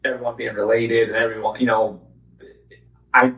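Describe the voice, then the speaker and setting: A man's voice: mid-range voice, flat delivery, moderate pace, muffled recording. Male host from a small desert valley town; easygoing, rambling talk, roomy and slightly distant. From Arizona's Gila Valley. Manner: rambling, many restarts. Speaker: podcast host. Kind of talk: casual chat.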